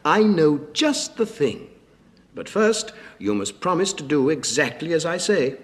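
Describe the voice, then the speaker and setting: A man leading rhymes, games and a fast tongue twister on a children's record, playful and teasing. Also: on the high side, big pitch swings. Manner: playful, teasing and brisk in patter. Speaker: playmate and game leader on a children's record.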